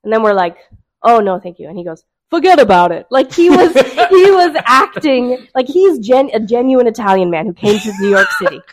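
A woman co-hosting a casual chat, telling stories in a quick, animated way and laughing often. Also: a little high. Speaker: co-host.

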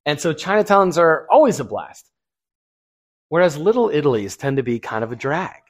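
A man's voice: a little high, very animated, moderate pace. A man co-hosting a casual on-air chat, rambling and wry as he thinks aloud. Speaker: co-host.

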